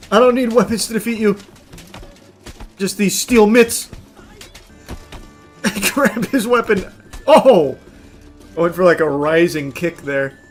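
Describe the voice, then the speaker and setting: A man giving excitable gameplay commentary, swearing, yelling and laughing at the game. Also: high voice. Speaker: gaming commentator.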